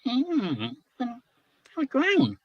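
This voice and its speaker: A man's voice: very high voice, wildly swooping pitch, drawn-out words, lo-fi sound, voice pushed up, exaggerated voice. A man voicing a small, naive male weasel who speaks up in a raised voice. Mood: worried.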